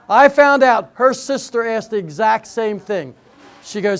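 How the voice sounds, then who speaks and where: A man's voice: sits high, moderate pace, clear, resonant tone. An older man performing a stand-up comedy routine at a senior center, telling stories and bantering with the audience. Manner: chatty storytelling, banters with the audience. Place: senior center hall before a live audience.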